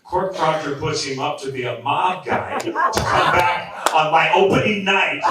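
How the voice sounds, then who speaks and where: A man's voice: a little high, lively intonation, a little slow, very noisy. Man telling a rambling comic story. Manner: rambling, self-interrupting, playful storyteller. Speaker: magician telling a story at a memorial. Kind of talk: comic anecdote to an audience. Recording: echoey hall, far from mic, crowd.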